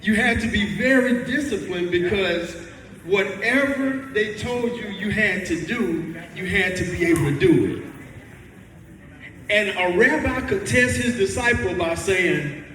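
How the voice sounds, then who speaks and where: A man's voice: sits high, animated, unhurried, bright, forceful tone, a little hiss or hum. A man preaching a sermon in a folksy, conversational way, checking in with the congregation as he goes. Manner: conversational, folksy, quizzes the audience. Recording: echoey hall, mic from far off.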